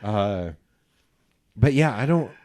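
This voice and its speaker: A man hosting a podcast, telling stories in a casual, animated way, swearing freely and laughing at himself. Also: on the low side, measured pace, no echo, studio quality. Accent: regional accent he remarks on himself. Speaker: podcast host. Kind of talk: casual conversation.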